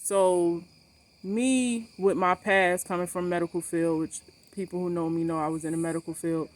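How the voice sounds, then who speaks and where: A woman vlogging about her cancer treatment, telling a story to camera in a blunt, animated way, swearing freely and repeating points for emphasis. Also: on the low side, normal speed.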